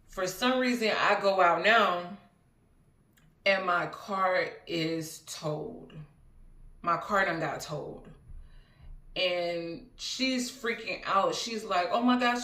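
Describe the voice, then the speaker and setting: A woman's voice: lowish voice, bright, forceful tone. Roomy, distant-miked woman telling her story. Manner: rambling, earnest, many fillers and asides. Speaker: vlogger. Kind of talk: casual personal storytelling.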